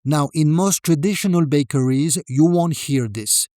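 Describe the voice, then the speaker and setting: A man calmly narrating a scripted language lesson, demonstrating French phrases with deliberate delivery. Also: on the high side, no echo, clean studio sound.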